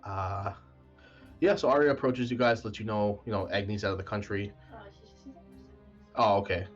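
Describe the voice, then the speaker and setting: Low-ish guy gm-ing a tabletop game, casual and rambly, muffled stream audio. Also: steady tone, moderate pace, faint music behind. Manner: casual, filler-heavy narration. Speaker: game master.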